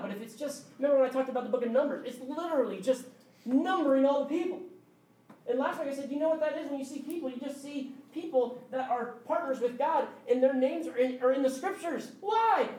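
Pastor, sermon, plays both sides of dialogues with God, loud-to-hushed swings; distant mic in an echoey hall. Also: high voice. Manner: acts out dialogue with God in voices. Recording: roomy hall, mic from far off.

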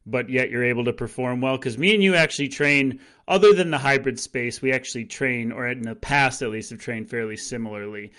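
A man's voice: mid-range voice, a little fast, hardly any pauses, fairly bright tone. A male podcast host with an ordinary mid-range voice. He asks questions loosely and casually, often making fun of himself. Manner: chatty, self-deprecating questions with fillers. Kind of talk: casual interview chat.

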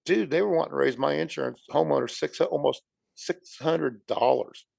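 A man's voice: a little high, moderate pace, vocal fry, darkish tone, no echo. A man co-hosting a podcast, talking in a rambling, conversational way and saying "dude" often. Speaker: podcast co-host. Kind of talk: casual chat.

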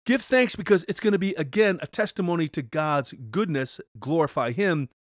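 A middle-aged man, a pastor, preaching a podcast sermon in an energetic, emphatic way with sudden rises. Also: on the high side, normal speed, no echo.

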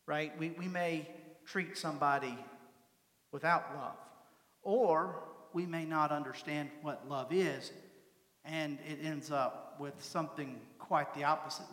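A man's voice: on the high side, sharp tone. A middle-aged man, a pastor, preaching a sermon in a conversational way and often checking in with the congregation. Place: church sanctuary. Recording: echoey church hall.

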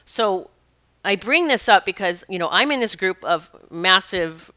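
Bright, chatty woman podcaster. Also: mid-range voice, expressive, a little slow, dry recording. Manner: chatty storytelling, laughs often. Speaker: podcast host. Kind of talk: casual spiritual podcast monologue.

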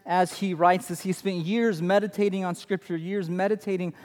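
A man in his thirties preaching a sermon as pastor, telling stories in an animated way in a church sanctuary. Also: high voice, normal speed. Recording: long hall reverb.

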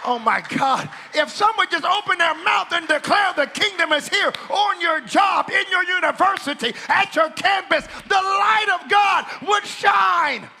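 A man's voice: very high-pitched, unhurried, creaky, hardly any pauses, sharp tone, shouting, slight background noise. A male preacher delivering a revival sermon in church, calling out and repeating phrases. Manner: calls out, repeats phrases, drops to casual aside. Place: church service with band.

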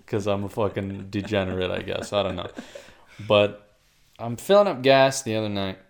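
A man's voice: on the low side, normal speed, gravelly. A young man in casual podcast chat, telling profane, crude stories and laughing at his own jokes.

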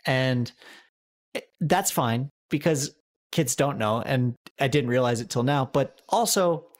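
A man's voice: mid-range voice, a little slow. A man co-hosting a casual comedy podcast, telling stories and laughing often. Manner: animated storyteller, laughs often. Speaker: podcast co-host.

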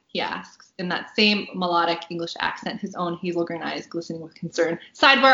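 A woman author reading a passage from her own novel aloud on a podcast, bubbly and quick to laugh between lines. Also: mid-range voice, sharp tone, echoey room, lo-fi sound. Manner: bubbly, laughs often, reads with dry punchy delivery.

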